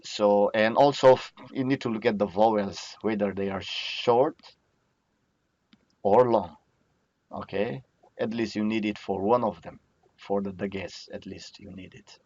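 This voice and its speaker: A man with a lowish voice and talks through a recorded lesson at an unhurried pace, repeating each word to drill it. The sound is dry and dull, like a plain lo-fi recording. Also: a little mellow, no room sound. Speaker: Biblical Hebrew teacher. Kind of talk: recorded lecture over slides.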